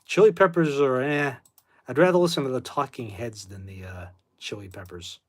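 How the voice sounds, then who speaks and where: He's a rambling livestream host with a medium-pitched voice and a normal pace, chatting casually into his phone's microphone. He loses his temper at chat commenters and swears.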